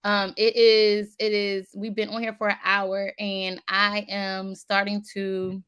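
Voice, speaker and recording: A woman's voice: mid-range voice, monotone, slow, fairly bright tone, smooth. Thoughtful Philadelphia woman chatting. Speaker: co-host. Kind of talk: casual chat.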